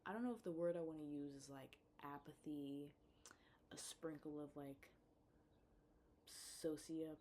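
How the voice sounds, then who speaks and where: A woman's voice: deep voice, measured pace, pauses often, a little hiss or hum. Blunt, profane young woman ranting. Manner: blunt, profane, exasperated, swings between muttering and loud outbursts. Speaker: vlogger. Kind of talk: casual storytime rant.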